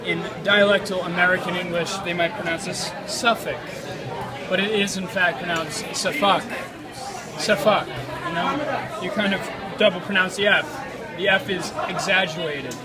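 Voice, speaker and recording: A man doing a stuffy, self-important posh lecturer, pitched high and clipping every word with exaggerated care. Loud crowd chatter fills the space around him. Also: steady tone, normal speed, lightly acted. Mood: pompous. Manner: pompous, over-enunciating, lecturing. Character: pompous male British lecturer on proper English.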